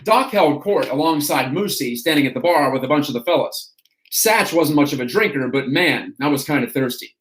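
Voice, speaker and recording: A man's voice: fairly high pitch, moderate pace. Man reading a memoir aloud in an echoey room. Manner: steady, storytelling read. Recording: roomy echo.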